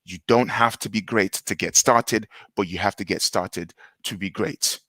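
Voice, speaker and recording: A man's voice: on the low side, unhurried, fairly bright tone, dry recording, studio quality. A man giving a motivational talk, emphatic and repetitive, hammering home short phrases. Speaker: motivational speaker.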